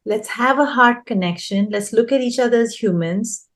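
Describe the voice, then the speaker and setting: A woman's voice: a little high, normal speed. Female education consultant, earnest interview guest who stresses points by repeating them. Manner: earnest, repeats key phrases for emphasis. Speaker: early childhood education consultant.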